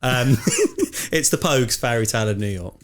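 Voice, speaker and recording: A man's voice: medium pitch, animated, normal speed. A man co-hosting a casual podcast, dry and teasing in his remarks. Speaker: podcast co-host.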